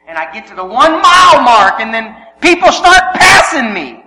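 Lively preacher in an echoing church. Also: male voice, very high-pitched, normal speed, hardly any pauses. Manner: animated storyteller, swings from shouted exclamations to hushed asides. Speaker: pastor. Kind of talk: sermon with humorous personal story. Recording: long hall reverb, faint hum.

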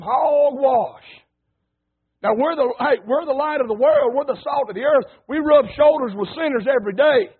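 High-voiced preacher on a tinny line. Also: male voice, moderate pace, husky. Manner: folksy, rousing, swings between quiet talk and shouting. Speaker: pastor. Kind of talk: sermon. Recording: lo-fi phone-like radio broadcast.

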